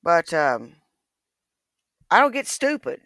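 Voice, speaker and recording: A man's voice: a little high, wildly swooping pitch, slow, a bit bright, no room sound, studio quality. A man chatting casually, in a blunt and offhand way with some swearing. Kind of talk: casual livestream chat.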